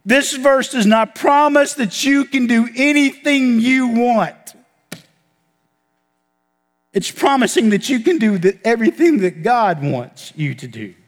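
A man delivers a sermon as a pastor, his voice sitting high for a man. He preaches emphatically, climbing into animated bursts and then dropping to a low hush. Long reverb from a large hall trails every phrase. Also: measured pace.

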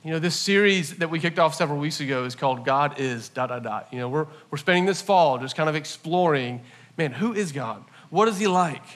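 A man in his forties gives a sermon in a bright, clear voice, pitched a little high. He tells stories in an earnest, lively way. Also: fairly quick. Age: 40s. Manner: storytelling, animated and earnest. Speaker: pastor.

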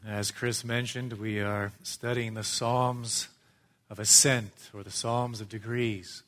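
Earnest man preaching a sermon. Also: flat delivery. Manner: measured, earnest preaching with emphatic rises and soft low asides. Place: church.

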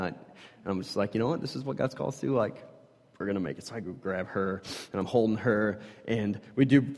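A man telling a personal story about his children to a group, rambling with many fillers and dropping to a hush at times. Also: on the low side. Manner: rambling, many fillers, swings from loud to hushed. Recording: long hall reverb.

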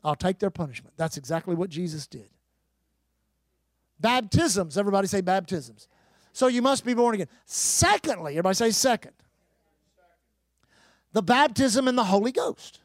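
A man's voice: high voice, animated, moderate pace, pauses often, no echo, studio quality. A middle-aged man, preaching a sermon with emphatic rises, repeated phrases and calls to the congregation. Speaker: pastor.

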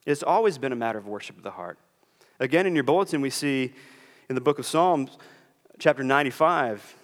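Pastor, male, earnest sermon delivery with animated swings in pitch, recorded in a church with lingering reverb. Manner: earnest preaching, acts out quoted voices.

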